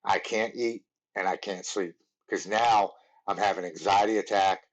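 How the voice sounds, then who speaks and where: Male guest, lowish voice, earnest and halting, stumbles and repeats words while telling his story. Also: dull audio. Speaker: podcast guest. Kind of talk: personal recovery story.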